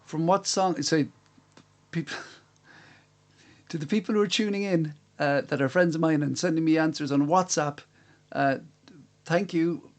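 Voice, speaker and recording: The host of a home live-streamed quiz reads out questions and answers, breaking in with chatty asides that poke fun at himself. His voice is a little high, measured in pace, and he pauses often.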